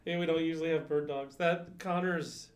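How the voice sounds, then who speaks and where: A middle-aged man chatting on a podcast, reacting with warm, laughing remarks. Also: a little high, fairly even intonation, normal speed. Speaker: departing podcast co-host. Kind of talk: casual podcast chat.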